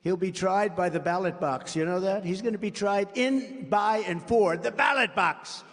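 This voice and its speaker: Speaking at a moderate pace in a voice that sits high, this man is a campaign candidate delivering a boastful, meandering speech at a podium mic. He throws unscripted remarks to the crowd filling the large rally venue, and the hall's reverb trails long behind him.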